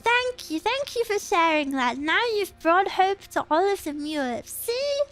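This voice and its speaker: Very high-voiced woman streamer, earnest. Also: expressive, a little slow, fairly bright tone, soft background music. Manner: earnest, encouraging, answers chat messages; gets choked up and emotional. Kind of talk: casual live-stream chat.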